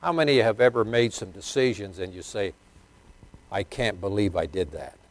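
At a moderate pace, an older man delivers a sermon that swings between loud, emphatic bursts and quiet, low asides. He chuckles now and then and poses questions to his congregation.

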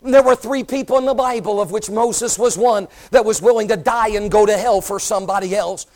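A man preaching a Baptist sermon, swinging between ringing, loud declarations and hushed, almost whispered lines, and reciting scripture in a cadenced preaching tone. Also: high-pitched, a little fast, poor audio. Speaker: Baptist pastor.

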